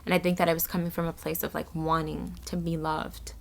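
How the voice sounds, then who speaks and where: A woman from the Bronx, speaking as a vlogger in a soft, halting way that searches for words while she tells a personal story. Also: low-pitched, flat delivery, gravelly. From the Bronx, New York. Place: eco-village in a jungle.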